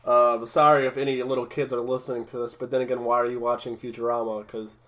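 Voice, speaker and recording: A man's voice: medium pitch, level tone, fast, a bit bright. A man chatting casually as a podcast co-host, recapping an episode with many restarts and frequent laughs.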